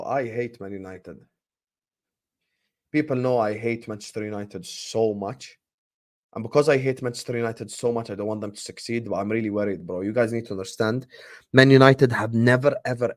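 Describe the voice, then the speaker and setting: Animated slangy man. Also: mid-range voice. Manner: animated, slangy, repeats his points. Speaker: host of a football transfer stream. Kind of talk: casual live-stream chat.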